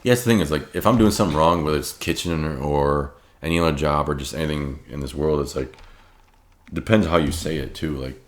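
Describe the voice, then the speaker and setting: A man's voice: a bass voice, brisk. A man hosting a casual podcast chat, laid-back and rambling, often leaning on "like". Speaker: podcast host.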